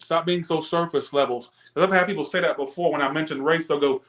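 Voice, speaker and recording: Young man, tarot reader, animated rant, swears a lot, fairly high voice. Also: quick pace, hardly any pauses. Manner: ranting, profane, animated; chats with viewers, laughs often. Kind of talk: live-stream tarot reading.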